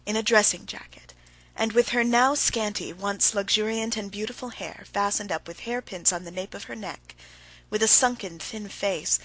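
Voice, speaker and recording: A woman reading a classic novel aloud as an audiobook narrator, in a measured, even manner. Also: mid-range voice, poor audio.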